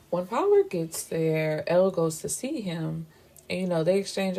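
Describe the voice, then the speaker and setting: A woman's voice: fairly low pitch, lively intonation, measured pace, mellow. A woman book reviewer casually recapping a novel's plot, chatty and gushing, with lines of dialogue retold in between.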